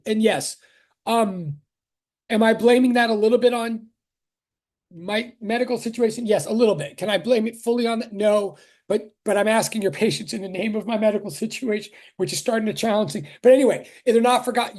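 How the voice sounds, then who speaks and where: A physics professor teaches a class over a video call, his voice high-pitched and a little mellow. Before the lesson he chats casually and greets students one by one, restarting often.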